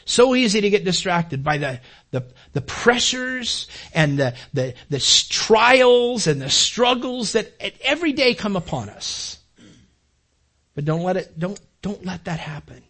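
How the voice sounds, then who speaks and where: Husky high-voiced older male preacher. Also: big pitch swings, measured pace, fairly bright tone. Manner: conversational, repeats words while building a point. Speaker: pastor. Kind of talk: sermon.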